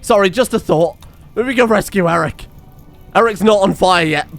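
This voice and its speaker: A man giving excitable let's play commentary on a strategy game, muttering one moment and shouting the next. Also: sits high, normal speed, gravelly, soft background music. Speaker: gameplay commentator.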